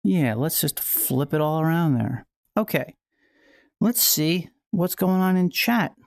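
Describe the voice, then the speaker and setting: Slow, gravelly woman streamer. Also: low voice, lively intonation, darkish tone, no room sound, studio quality. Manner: rambling, playful, frequent restarts and laughs. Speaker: livestream host. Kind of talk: casual livestream chat.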